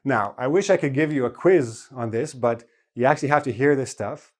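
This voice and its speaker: A man teaching an online English lesson, explaining patiently and demonstrating everyday sounds, sometimes slowly, sometimes quickly. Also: mid-range voice.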